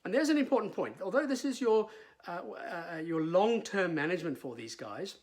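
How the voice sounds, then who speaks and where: Chatty vet, slightly high voice. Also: male voice, expressive, moderate pace. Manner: chatty, repeats words, many fillers. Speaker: veterinarian. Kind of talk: casual explanatory talk.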